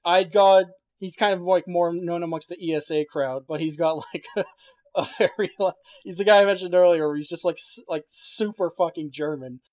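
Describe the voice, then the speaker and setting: A man's voice: high voice, fairly even intonation, moderate pace, darkish tone, dry recording. A man chatting casually as a podcast co-host, rambling and cursing with lots of fillers and restarts. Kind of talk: casual chat.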